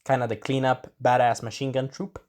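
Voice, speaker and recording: A man of middling pitch talks through an episode review in a loose, rambling way. He corrects himself mid-sentence and stops now and then to clear an irritated throat. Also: flat delivery, brisk, a little mellow. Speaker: show reviewer. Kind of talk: casual spoken episode review.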